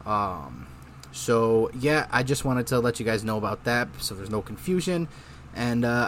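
A man hosting a podcast, introducing the episode in a rambling, relaxed way with lots of fillers. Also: lowish voice, slight background noise. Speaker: podcast host.

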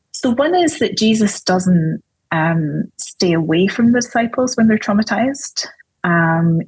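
Husky-voiced woman explaining thoughtfully. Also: on the low side, dry recording, poor audio. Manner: thoughtful, explanatory, with light laughs. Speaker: theologian guest. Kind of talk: conversational podcast interview.

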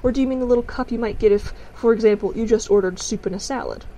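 Condescending male teacher, slow and drawn out, voiced by a woman; talks down to a child. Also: a little high, warm tone, dull audio, a little hiss or hum, natural voice. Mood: patronizing. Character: patronizing male hedgehog teacher at a fair.

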